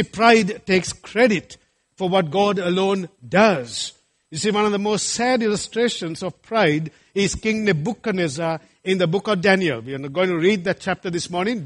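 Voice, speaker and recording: High-voiced man preaching emphatically. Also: normal speed. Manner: emphatic preaching with rhetorical questions. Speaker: pastor. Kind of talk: sermon.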